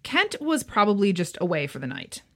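A woman's voice: medium pitch, big pitch swings, moderate pace. A woman co-hosting a history podcast, reading a scripted story and bantering playfully with her co-host. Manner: playful, banters and reads with emphasis. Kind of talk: scripted history narration with chat.

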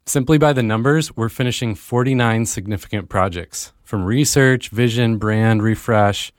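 A man hosting his own podcast, talking straight to listeners in an earnest monologue that lifts into excited bursts. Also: lowish voice, moderate pace, no room sound, studio quality. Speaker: podcast host.

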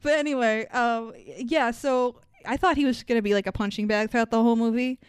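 Smooth-voiced sarcastic woman podcaster. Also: on the high side, fairly even intonation, fairly quick, dry recording. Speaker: podcast co-host. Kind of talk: casual movie recap chat.

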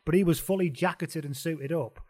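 A man's voice: a little high, fairly quick, a little mellow. A man co-hosting a podcast, chatty and rambling with jokes. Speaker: podcast co-host. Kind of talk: casual chat.

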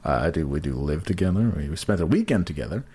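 A man's voice: very deep voice, animated, fast, mellow, breathy edge. A man telling a crude, rambling comic story in casual podcast chat, full of fillers and restarts.

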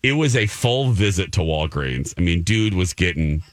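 Lively low-voiced guy telling a dramatic story, dry close sound. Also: normal speed, dry recording. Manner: animated, dramatic, acts out quotes. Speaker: podcast host. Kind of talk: casual storytelling chat.

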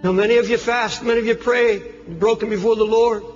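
A man preaching an impassioned sermon, firing rhetorical questions and swinging from loud cries to hushed tones. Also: high-pitched, fairly even intonation, fairly quick. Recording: dull lo-fi archive sermon recording with faint music.

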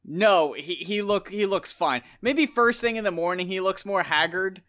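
A man's voice: sits high, animated, normal speed, a bit bright. A man co-hosting a podcast, reviewing an album in casual, rambling chat, often laughing and swearing. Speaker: podcast co-host.

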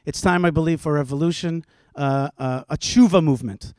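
A man's voice: fairly high pitch, a little fast, a little mellow, no echo, clean studio sound. A man, a rabbi on a panel, arguing passionately in front of a live audience, firing off rhetorical questions between frequent "uh" fillers. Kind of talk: impassioned panel argument. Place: stage before a live audience.

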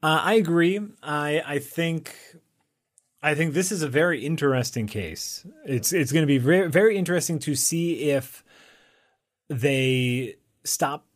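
Chatty man, animated podcast talk. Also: fairly high pitch, unhurried. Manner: animated, laughs easily, many fillers. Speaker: podcast co-host. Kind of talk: casual chat.

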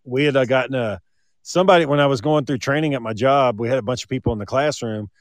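A man's voice: mid-range voice, quick pace, no echo. A man chatting casually and swearing freely while telling crude workplace stories. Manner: profane, storytelling. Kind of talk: casual chat.

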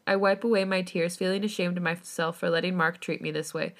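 A woman's voice: fairly low pitch, steady tone, a little fast, few pauses. A woman podcast host reading fan fiction aloud in plain first-person narration, with casual asides.

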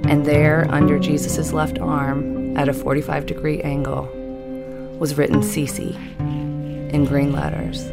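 A woman in her fifties with a deep, low voice tells a personal story for a podcast. She takes her time and slows down on the words that matter. A music bed plays steadily under her voice. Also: completely flat delivery, vocal fry. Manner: measured, deliberate storytelling with slowed emphasis.

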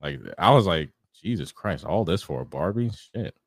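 Man, low voice, lively pitch, dry close sound, blunt profane banter. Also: normal speed, no room sound. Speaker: podcast co-host. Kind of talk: casual chat.

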